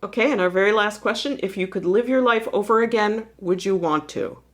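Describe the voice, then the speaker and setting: A woman co-hosting a book podcast, briskly asking lightning-round questions. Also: medium pitch. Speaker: podcast co-host.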